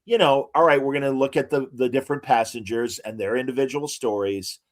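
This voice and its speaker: Speaking a little fast in a steady, mid-range voice, this man co-hosts a podcast, chatting casually with enthusiasm, piling on trivia and plenty of fillers.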